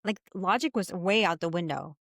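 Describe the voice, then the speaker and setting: A middle-aged woman hosting a casual podcast, telling a story with animated energy and acting out her own past frustration. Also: on the low side, normal speed, vocal fry, dry recording, studio quality. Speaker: podcast host, health coach.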